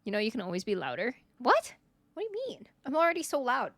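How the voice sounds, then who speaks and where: Chatty young woman streamer, high and lively. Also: fast talker, dry recording. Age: 20s. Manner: chatty, greets viewers one by one. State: voice giving out, coughing. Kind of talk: casual live-stream chat. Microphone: desk streaming mic.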